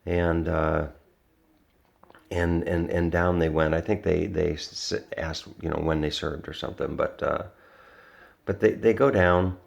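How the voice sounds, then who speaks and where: Gravelly deep-voiced man telling a story. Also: fairly even intonation, unhurried. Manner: rambling, many restarts and fillers; earnest, reflective. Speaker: vlogger. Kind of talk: casual storytelling monologue.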